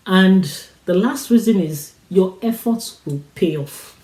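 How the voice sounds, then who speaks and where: A woman's voice: mid-range voice, animated, takes it slowly, few pauses, warm tone, roomy sound, rough recording. Woman giving an urging, repetitive pep talk. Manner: repetitive, urging, preacher-like cadence. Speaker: motivational speaker. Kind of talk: motivational talk.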